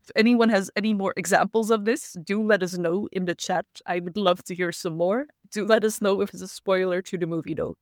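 A woman's voice: medium pitch, fairly even intonation, a little fast, few pauses, no echo, clean studio sound. A woman hosting a casual livestream talk, chatty and laughing often as she reads the chat. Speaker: host.

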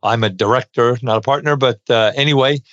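Speaking a little fast at medium pitch, this podcast host is a middle-aged dental CPA with a New York accent. The lo-fi recording has no room sound, and his talk is chatty, loaded with "uh" fillers and warm thanks.

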